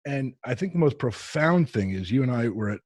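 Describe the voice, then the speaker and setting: A middle-aged podcast host with a New Jersey accent and a husky, raspy voice. He chats casually and jokes about himself. The recording is dry and close, with no room sound. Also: mid-range voice, lively intonation, fairly quick, a little mellow, dry recording. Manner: joking and self-deprecating, chatty. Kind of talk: casual interview chat.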